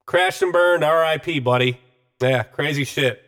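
A man's voice: fairly high pitch, a little slow, a bit bright, clear, resonant tone, faint music behind. A man co-hosting a podcast in casual chat, laid-back and profane, with lots of "uh". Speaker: podcast co-host.

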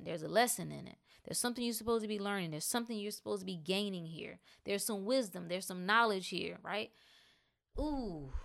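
A woman giving a motivational monologue, preachy and emphatic, rising to loud exhortations. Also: fairly low pitch, gravelly. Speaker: motivational speaker.

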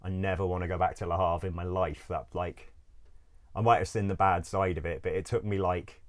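With a very deep, low voice, this man casually recounts a story like he's talking to a buddy. He wanders off track, uses lots of filler words, curses freely and laughs at his own mishaps, keeping a steady tone at a fairly quick clip.

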